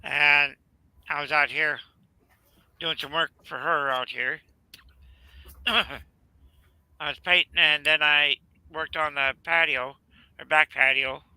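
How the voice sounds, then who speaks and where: A man with a Southern US accent telling a rambling family story in casual chat, halting with fillers. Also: a little high, fairly even intonation, pushed and bright, clear, resonant tone, no room sound, low-quality recording. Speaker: channel host.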